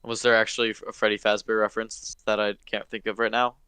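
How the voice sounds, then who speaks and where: A man's voice: lowish voice, flat delivery, fast talker, sharp tone, clear, resonant tone, dry recording. A man co-hosting a casual podcast chat, joking in a dry, playful way. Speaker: podcast co-host.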